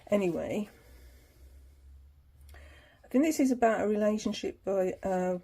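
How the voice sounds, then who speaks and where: Mellow, breathy woman unboxing a deck. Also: medium pitch, a little slow. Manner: chatty, laughs easily, reads passages aloud. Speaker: tarot channel host. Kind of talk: casual unboxing chat.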